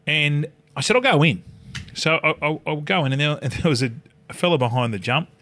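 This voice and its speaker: A middle-aged Australian man, a former rugby league player, telling a story on a podcast in a lively, sweary way, acting out the voices of the people in it. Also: a little high, quick pace. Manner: animated, swears often, acts out quoted voices. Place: podcast studio.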